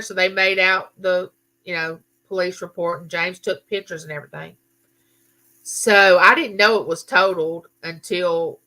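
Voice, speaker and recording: A woman's voice: on the low side, pushed and bright. A middle-aged woman, telling a story in a casual live chat and answering viewers. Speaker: livestream host.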